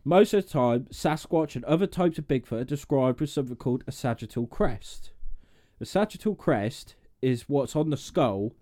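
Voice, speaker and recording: A man's voice: mid-range voice, animated, normal speed, warm tone. Young male co-host, loose rambling chat with easy laughs. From United Kingdom. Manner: rambling, laughs often, restarts. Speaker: podcast co-host. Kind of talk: casual chat.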